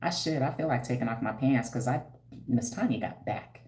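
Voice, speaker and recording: A woman's voice: extremely low pitch, normal speed, a little mellow, roomy sound, rough recording. A woman in her fifties hosting a live stream, talking bluntly and with sass as she lectures viewers and answers their comments. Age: 50s. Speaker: livestream host.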